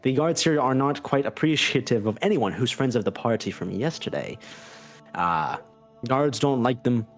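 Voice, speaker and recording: A man's voice: mid-range voice, animated, moderate pace, soft background music, close to an everyday voice. A man voicing a nervous, fussy male academy headmaster with glasses who talks in an uneasy, rambling way.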